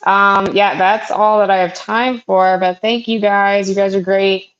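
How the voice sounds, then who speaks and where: A young woman doing a stand-up comedy set, with a halting delivery full of fillers and restarts. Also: mid-range voice, fairly even intonation. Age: young adult. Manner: halting, filler-heavy delivery with self-deprecating jokes. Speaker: stand-up comic. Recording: muffled lo-fi sound.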